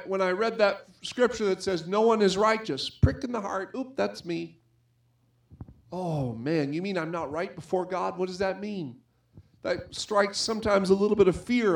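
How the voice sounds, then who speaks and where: A middle-aged man preaching with a fairly high-pitched voice. He speaks earnestly and conversationally, weaving personal stories into his sermon. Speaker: pastor.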